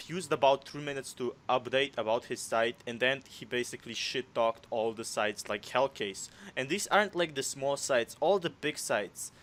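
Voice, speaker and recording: A young man chats bluntly on a gaming podcast and swears without a second thought. His voice has a middle pitch and nothing unusual in its tone. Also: fairly bright tone. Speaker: podcast co-host. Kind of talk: casual podcast chat.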